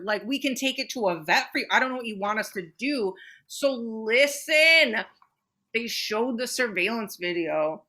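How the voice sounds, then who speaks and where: A woman co-hosting a podcast, telling stories in animated, profane casual chat. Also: a little high, moderate pace. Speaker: podcast co-host.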